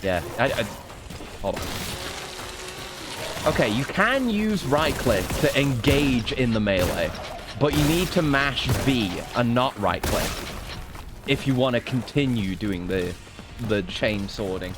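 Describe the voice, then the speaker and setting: A man's voice: medium pitch, animated, unhurried, long pauses, music in the background. A man streaming a video game, chatting casually in a profane, joking, rambling way. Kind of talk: casual gameplay commentary.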